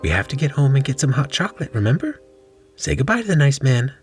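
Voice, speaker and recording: A man voicing a flustered, protective young mother in a storybook reading, pushing his voice up high and stammering nervously. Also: big pitch swings, fast talker, faint music behind. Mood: strained.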